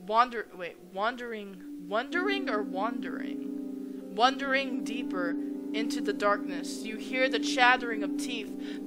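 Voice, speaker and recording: A woman playing a visual novel, reading its narration aloud and reacting with stunned exclamations. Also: on the high side. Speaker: let's play gamer. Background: game music.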